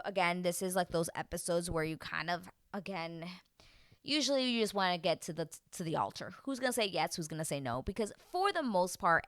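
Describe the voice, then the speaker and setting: A woman's voice: lowish voice, no room sound. A woman chatting casually as a recap vlogger, animatedly acting out quotes from the show. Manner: chatty, animated, acts out quotes in put-on voices. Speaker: reality TV recap host.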